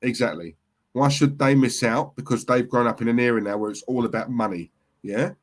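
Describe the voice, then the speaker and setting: A middle-aged man hosts a live football watchalong, reacting loudly to the play and reading out the chat. His voice sits in an ordinary middle pitch for a man. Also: a little fast. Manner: animated, reacts loudly to goals and reads chat.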